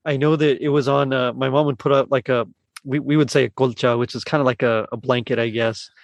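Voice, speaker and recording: A man's voice: mid-range voice, steady tone, brisk, gravelly, no room sound. Laid-back man hosting a podcast. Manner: laid-back, rambling with frequent fillers and laughs. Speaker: podcast host. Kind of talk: casual podcast chat.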